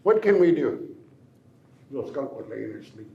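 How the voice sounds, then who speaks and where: A man's voice: medium pitch, very animated, moderate pace, creaky, pauses often, warm tone, muffled recording. An older man, a tribal elder, telling a traditional story in a playful, chuckling, teasing way. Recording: echoey room, faint ambience.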